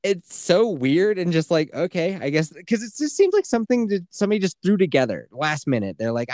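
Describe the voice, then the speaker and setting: A man's voice: high-pitched, sing-song, a little fast, hardly any pauses, darkish tone, dry recording, clean studio sound. A man in his thirties, a podcast host, telling a story in casual chat, swearing freely and acting out the people he quotes.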